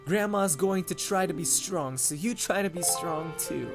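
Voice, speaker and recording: A man's voice: high voice, pitched above the performer's own voice. A man doing a doting old grandmother. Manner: slow, soft, doting. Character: kind, fretful old grandmother. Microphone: condenser mic. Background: game music.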